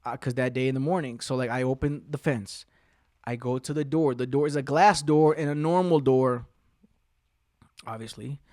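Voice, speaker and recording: On his own podcast, a man tells a meandering, heavily profane story as a casual monologue, voicing what people said. He has a mellow mid-range voice at normal speed, captured in clean studio sound without echo.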